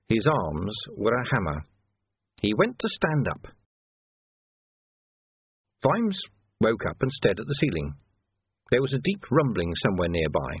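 A man narrating an audiobook in an expressive, lively reading. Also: medium pitch, slightly rough, dry recording. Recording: dry tinny phone-like sound.

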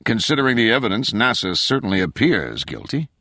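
A man plays a scheming politician father in an audiobook, with a low, controlled and condescending voice. He sounds smug and cold, and the delivery is close and dry. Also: very animated, a little fast, sharp tone, dry recording, heavily acted.

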